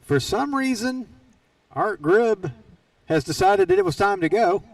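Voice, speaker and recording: A man's voice: very high voice, huge pitch swings, a little slow, gravelly, no room sound, recorded from a distance, poor audio. A man calling live go-kart races, folksy and teasing the drivers as he jokes between laps. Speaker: race announcer. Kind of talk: live race commentary. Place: racetrack announcer stand.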